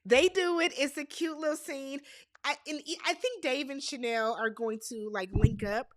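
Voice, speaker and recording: Sassy woman recapping a show, high voice. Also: normal speed, no echo, studio quality. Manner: sassy, animated reactions with slang asides. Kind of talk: casual TV recap commentary.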